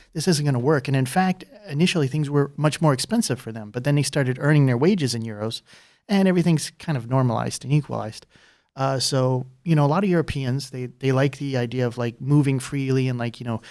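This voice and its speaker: Male guest, quick rambling talker, fillers galore, dry close mic. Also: mid-range voice, darkish tone, dry recording. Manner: rambling, fast, many fillers and asides. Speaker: guest, former political candidate. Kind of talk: casual political chat.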